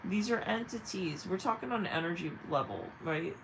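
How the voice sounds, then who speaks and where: A woman's voice: fairly low pitch, expressive, a little fast, background noise. A woman doing a live psychic reading, talking frankly and bluntly, laughing often and swearing at times. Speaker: psychic reader. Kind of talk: live-stream spiritual reading.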